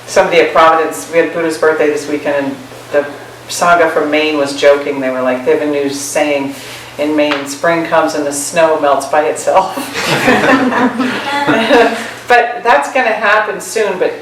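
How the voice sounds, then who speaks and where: Woman Zen teacher, casual storytelling dharma talk, slightly low voice, distant mic, strong room echo. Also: a little hiss or hum. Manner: chatty, laughing often, self-mocking stories. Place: meditation hall. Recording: echoey room, mic far off.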